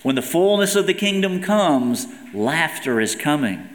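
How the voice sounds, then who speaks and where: A man's voice: on the high side, big pitch swings, a little slow. A man giving a sermon as pastor, preaching earnestly and reading scripture aloud with emphasis. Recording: echoey hall with long reverb.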